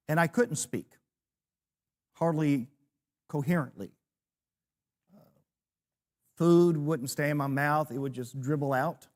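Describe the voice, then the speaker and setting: A man's voice: fairly high pitch, fairly even intonation, slow, long pauses, a little mellow. Man in his sixties teaching a church class. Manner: storytelling with self-deprecating humor. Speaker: preacher.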